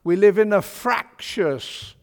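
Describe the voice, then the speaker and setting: A man delivers a sermon in a chatty, wry way, pressing hard on his key points. His voice runs somewhat high for a man. The church around him adds a long, hanging reverb. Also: expressive, takes it slowly, gravelly. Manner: chatty, wry and emphatic, with homely British turns of phrase. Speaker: preacher.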